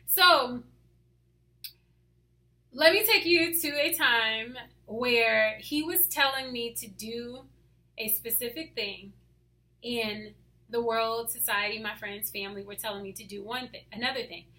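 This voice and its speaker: A woman talking casually about her faith, hyper and animated, often dropping to soft asides. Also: a little high, unhurried. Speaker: faith vlogger. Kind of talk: casual devotional talk to camera.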